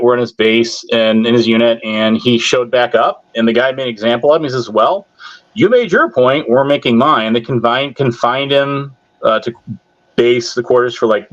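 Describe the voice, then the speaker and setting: A man of middle pitch chatting easily on a podcast and telling a story in military slang. His audio sounds dull and lo-fi. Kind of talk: casual chat.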